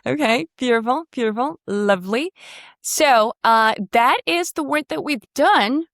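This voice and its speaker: A woman's voice: high voice, lively intonation, unhurried, a bit bright, no room sound, clean studio sound. A woman coaching pronunciation one-on-one. She models sounds, sings them out and praises often.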